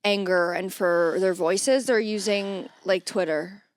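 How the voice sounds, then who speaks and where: A young woman co-hosting a podcast in casual chat, playful and joking with quick giggles. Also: mid-range voice, fairly even intonation. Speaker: podcast co-host.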